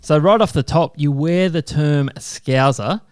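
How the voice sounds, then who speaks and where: Aussie bloke hosting a podcast, smooth voice, dry close sound, says mate a lot. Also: male voice, fairly high pitch, a little slow, dry recording. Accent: Australian. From Australia. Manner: chummy, keeps saying "mate". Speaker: podcast co-host. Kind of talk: casual interview chat.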